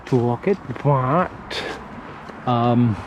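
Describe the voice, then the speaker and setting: A man casually vlogging while he walks around town, halting and searching for his words. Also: medium pitch. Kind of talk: casual walking vlog talk. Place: outdoors on town streets. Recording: outdoor street with passing traffic.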